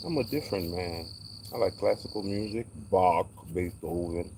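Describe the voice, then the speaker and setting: A man casually rambling on a livestream while feeding chickens outdoors, animated and preachy with street slang. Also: low voice, moderate pace, creaky, slight background noise. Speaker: livestream host on a farm.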